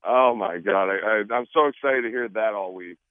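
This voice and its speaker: Animated football player on a phone line. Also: male voice, on the low side, brisk, dry recording. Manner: animated, joking, acts out quotes. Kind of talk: casual radio interview.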